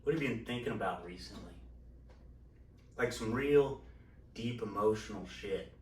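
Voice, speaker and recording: A man's voice: fairly low pitch, moderate pace, darkish tone, distant mic, slight background noise. A man hosting a casual podcast, telling a long personal story in a candid, profane, rambling way. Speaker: podcast host. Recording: roomy sound from off-mic.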